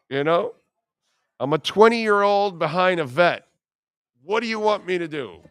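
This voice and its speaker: A man's voice: sits high, expressive, a little slow, long pauses, a bit bright, clear, resonant tone, dry recording, studio quality. A man in his fifties hosting a sports radio show, telling brash, profane stories in a casual way.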